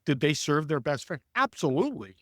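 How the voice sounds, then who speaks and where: A man as a podcast guest and networking coach, telling stories in an energetic, preachy way and speaking straight to the audience. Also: a little high, a little fast, dry recording, studio quality. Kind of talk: conversational storytelling.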